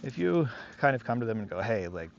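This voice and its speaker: A man's voice: mid-range voice, animated, quick pace, creaky, dull audio, a little hiss or hum. A man working as a dog trainer, talking casually to the camera on an outdoor walk, rambling and reflective with many fillers.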